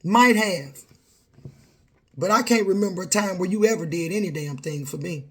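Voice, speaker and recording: A woman's voice: on the low side, normal speed, breathy edge. Confrontational woman ranting. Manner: confrontational, emphatic and repetitive. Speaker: vlogger. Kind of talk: direct-to-camera rant.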